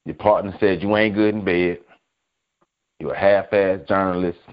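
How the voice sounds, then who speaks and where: A man's voice: deep voice, little pitch movement, normal speed, smooth. A man hosting a sports podcast and delivering a heated, profane rant, repeating himself for emphasis. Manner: angry, profane, repetitive. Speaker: podcast host. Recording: dull lo-fi audio.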